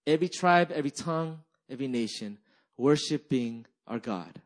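A young man preaching a sermon as a pastor, animated and conversational, peppering his talk with "right?" and "like". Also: mid-range voice, moderate pace. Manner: animated storytelling, frequent "right?" and "like".

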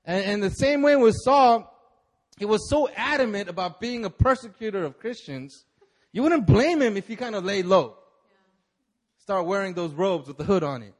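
Preaching at a church service, a man with a high voice tells a story with lively energy, acting out the figures in it.

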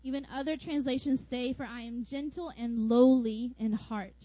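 High-voiced woman preaching playfully. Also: normal speed, no room sound, highs cut off. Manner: playful and animated, with jokes and acted-out asides. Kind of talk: sermon.

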